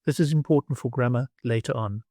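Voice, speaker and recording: A man narrating a scripted language lesson in a slow, clear and instructive way. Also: medium pitch, warm tone, no room sound, clean studio sound. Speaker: language teacher.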